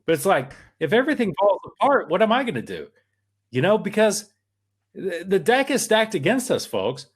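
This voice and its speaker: A man's voice: high voice, sing-song, normal speed, slightly rough. Worked-up man ranting on a podcast. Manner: worked up, emphatic, rambling. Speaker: podcast co-host. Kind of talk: casual political podcast chat.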